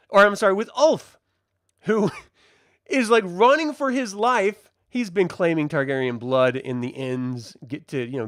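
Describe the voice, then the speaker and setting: A man reviews a TV episode in a casual, rambling, jokey vlog. His fairly high voice swings widely in pitch. The sound is dry and close. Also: fairly bright tone, dry recording.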